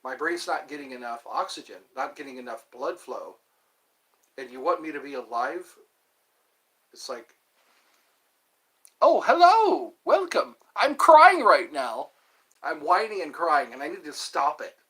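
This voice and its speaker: A man's voice: mid-range voice, normal speed, sharp tone, poor audio. Wry, rambling man on a livestream. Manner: rambling, wry, self-mocking. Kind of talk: casual livestream monologue.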